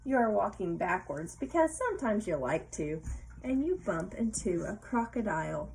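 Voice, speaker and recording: A woman's voice: medium pitch, very animated, moderate pace, creaky, a little mellow, a little hiss or hum, rough recording. Playful woman reading a storybook aloud. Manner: playful, asks the child questions, laughs often. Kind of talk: picture book read-aloud to a child.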